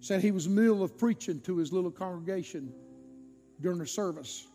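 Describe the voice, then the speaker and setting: A male preacher telling a story in a sermon, swinging dramatically between loud and soft. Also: high-pitched, fairly quick, in a large hall, soft background music.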